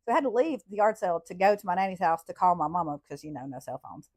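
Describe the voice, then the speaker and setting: Fast-talking woman, profane and blunt. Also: lowish voice, big pitch swings. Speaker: podcast host. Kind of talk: casual storytelling.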